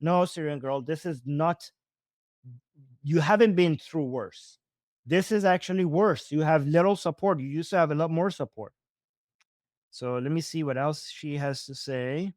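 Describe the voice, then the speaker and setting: Man, persian accent, casual commentary, restarts and corrects himself, fairly high voice, dry sound. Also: measured pace, darkish tone, dry recording. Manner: thinking aloud, frequent restarts and self-corrections. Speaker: commentator reacting to videos.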